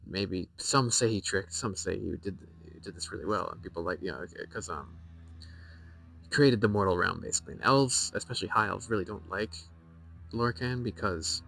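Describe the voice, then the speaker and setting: A man streaming a game, rambling through its lore, reading passages aloud and thinking out loud with fillers and self-corrections. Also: low-pitched, creaky, poor audio.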